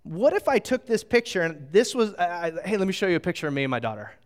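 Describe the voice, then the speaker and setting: A middle-aged man preaching with a fairly high voice. He tells stories with plenty of energy and draws his congregation in with questions. He speaks into a handheld microphone. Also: quick pace. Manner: animated storytelling with audience interaction. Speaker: pastor. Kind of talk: sermon.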